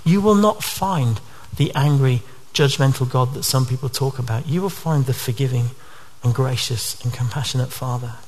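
A man's voice: mid-range voice, normal speed, hardly any pauses, darkish tone. A male preacher giving a sermon to his church in an earnest way, often posing rhetorical questions.

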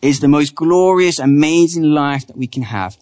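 A man preaching a church sermon in an earnest, conversational way, slowing down to stress the quotes he reads. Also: on the high side, darkish tone.

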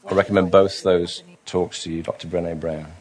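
A man preaching a sermon, earnest, asking rhetorical questions and softly voicing inner doubts. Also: sits low, little pitch movement, a little fast, breathy edge.

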